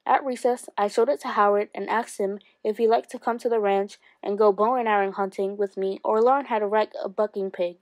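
A woman teacher reads a memoir aloud for her students in a steady, expressive way and lifts her voice for emphasis. Her pitch is mid-range, and the recording is dry and close. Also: a little fast, few pauses, no room sound. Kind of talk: reading a memoir aloud for class.

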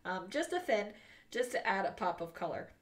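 A woman's voice: mid-range voice, very animated, normal speed. Congested, chatty woman narrating a voice-over. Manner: chatty, rambling, with frequent ums and small laughs. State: congested, breathing through the mouth. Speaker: scrapbooking video host.

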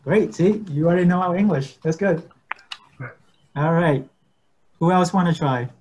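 A man's voice: on the high side, a little mellow, dull audio, a little hiss or hum. Patient male teacher. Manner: patient, repeats words slowly, code-switches. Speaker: medical English teacher. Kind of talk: online class instruction.

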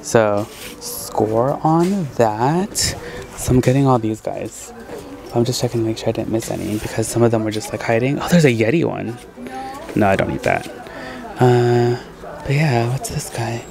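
A man chatting casually as a vlogger out thrift shopping, excitable and full of "like". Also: medium pitch, moderate pace, gravelly, a crowd in the background. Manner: excitable, chatty, heavy use of "like". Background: background music.

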